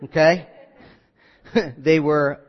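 A man preaching a sermon, telling stories with quoted voices and lively asides. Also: on the high side, extremely slow. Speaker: pastor. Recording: muffled audio with long hall reverb.

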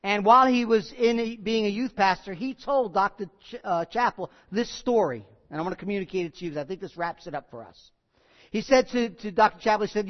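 A high-pitched male pastor delivers a sermon in a church hall with long echo. The recording sounds muffled and dull. He tells stories with lively emphasis and sinks into soft, earnest appeals. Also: a little fast. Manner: animated storytelling, rising to emphatic peaks and dropping to hushed appeals.

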